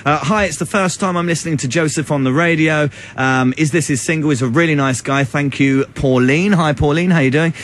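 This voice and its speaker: A man's voice: on the high side, slight background noise. A man hosting a radio show from a studio, bantering and joking with his guest and reading listener texts. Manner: jokey, quick banter. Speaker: radio host.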